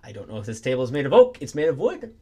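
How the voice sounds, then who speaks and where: A man's voice: mid-range voice, big pitch swings, very fast, mellow, breathy edge. A young man co-hosting a casual podcast, goofy and playful, often talking to the listeners. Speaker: podcast co-host. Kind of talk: casual chat.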